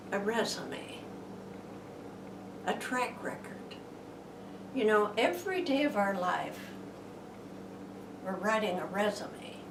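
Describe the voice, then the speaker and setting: A woman giving a homey, chatty Bible teaching, sometimes dropping to hushed tones. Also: medium pitch, noisy background. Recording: roomy sound from a distant mic.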